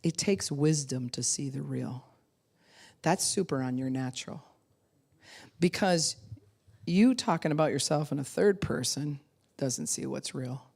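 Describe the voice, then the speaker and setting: Low-voiced woman pastor preaching animatedly. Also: measured pace, creaky, long pauses. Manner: animated, conversational preaching with acted-out quotes and laughter. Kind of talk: sermon.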